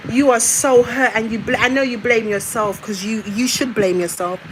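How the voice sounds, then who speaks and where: A woman launches a heated, repetitive rant aimed straight at her mother. Her voice sits high, and a faint hiss of background noise runs under her words. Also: steady tone, normal speed, poor audio. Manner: confrontational, repetitive, addresses her mother directly. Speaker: vlogger. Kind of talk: emotional rant to viewers.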